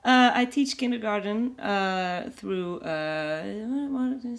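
A woman's voice: medium pitch, slow pace, few pauses. A woman, a teacher, chatting as a guest on a podcast, giggly and self-deprecating. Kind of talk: casual chat.

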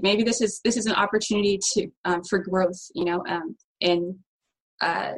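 A woman's voice: fairly low pitch, poor audio. A woman applicant chatting casually in an interview, with many fillers and an upbeat manner. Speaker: trading challenge applicant.

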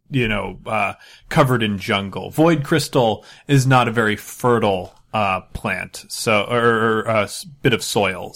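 A man's voice: on the low side, a bit bright. Man, game master, rambling narration, filler-heavy.

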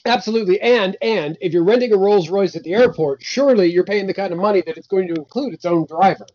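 A man's voice: sits high, quick pace, a little mellow, muffled recording, slight background noise. A man co-hosting a casual movie review chat with dry, wry comments. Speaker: podcast co-host.

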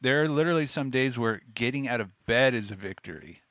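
A man's voice: mid-range voice, animated, fast talker, a bit bright, no echo, studio quality. A man co-hosting a podcast in casual chat, earnest and jokey by turns. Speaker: podcast co-host.

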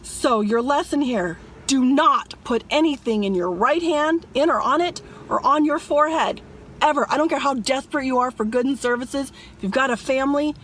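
Woman vlogger, high voice, dramatic storyteller who preaches hard at her viewers. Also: normal speed, fairly bright tone, slight background noise. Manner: emphatic, addresses viewers as "people". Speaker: religious vlogger.

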